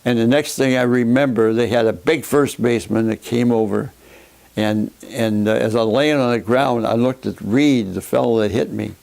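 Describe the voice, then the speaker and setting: An older man, a former catcher, recalling his playing days in an unhurried storytelling way with plenty of fillers. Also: medium pitch, steady tone, a little mellow. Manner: gravelly, unhurried, with many uh fillers. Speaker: former baseball catcher interviewee. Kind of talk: storytelling reminiscence.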